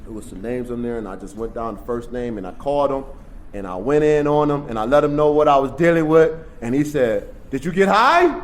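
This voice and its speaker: Animated man sharing his recovery story. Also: medium pitch, fairly quick. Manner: streetwise storytelling, swings from hushed to loud. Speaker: recovery meeting speaker. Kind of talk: personal recovery share at a workshop. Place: convention workshop room.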